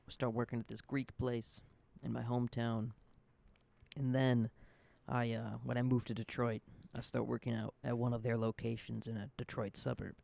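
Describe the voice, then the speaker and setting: Gravelly young man ranting. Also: mid-range voice, little pitch movement, normal speed, a little mellow. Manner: profane, fired-up, rambling. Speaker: podcast host. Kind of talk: casual ranting monologue.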